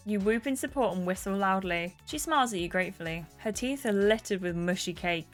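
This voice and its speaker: A woman's voice: medium pitch, a bit bright. Woman reading a game aloud over music. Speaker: gaming YouTuber.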